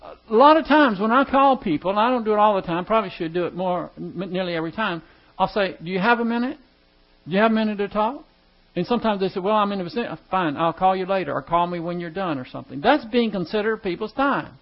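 Guy with a high voice teaching a class, chatty, keeps asking the room stuff, muffled lo-fi sound. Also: animated, quick pace. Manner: conversational, asks the class questions. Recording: dull lo-fi recording.

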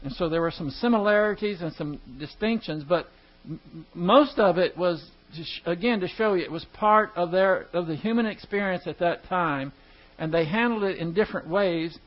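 A man's voice: high voice, normal speed, lo-fi sound. A man teaching an evening Bible study who often stumbles over words, restarts them, and puts questions to his class. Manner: asks the class rhetorical questions.

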